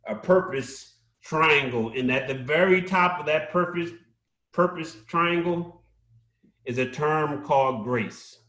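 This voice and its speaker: A man's voice: a little high, a bit bright. A middle-aged man giving an impassioned, sermon-like motivational speech on a community stage, repeating phrases for emphasis. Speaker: storyteller speaking on a community stage. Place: live event stage. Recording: echoey stage sound.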